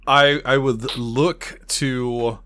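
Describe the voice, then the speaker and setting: A man's voice: medium pitch, steady tone, drawn-out words, bright, forceful tone. A man casually playing a tabletop game, chatty and playful. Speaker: player.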